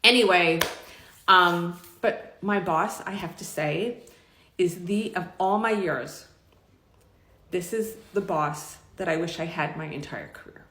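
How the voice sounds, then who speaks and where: A woman's voice: lowish voice, slow pace, sharp tone. A middle-aged woman telling a personal story to camera in a frank, emotional, rambling way. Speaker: vlogger. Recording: echoey room.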